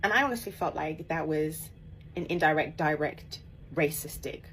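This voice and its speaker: A woman telling a personal story in a casual, animated way, emphatic and laughing as she goes. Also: low voice, normal speed, a little hiss or hum. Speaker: author and podcaster.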